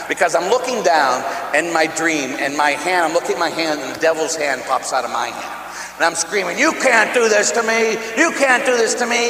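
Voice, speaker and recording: A priest telling a lively story in a sermon, swinging from hushed tones to loud shouts, from Pittsburgh. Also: male voice, on the high side, slight background noise. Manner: animated storyteller, voices jumping from hushed to shouting. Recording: echoey hall.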